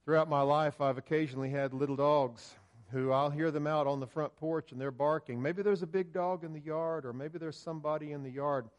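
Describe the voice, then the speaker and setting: A man preaching a sermon, building to loud emphatic peaks and dropping low and slow. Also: steady tone.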